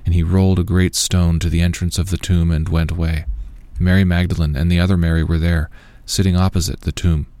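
A man reading a long scripture passage aloud in a measured, solemn way. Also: low-pitched, level tone, warm tone, no room sound. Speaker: scripture reader.

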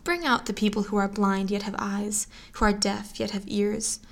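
A woman reads scripture aloud for a Bible podcast. Her delivery is calm and deliberate. A gravelly edge runs through her voice. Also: medium pitch. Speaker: scripture reader. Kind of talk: scripture reading.

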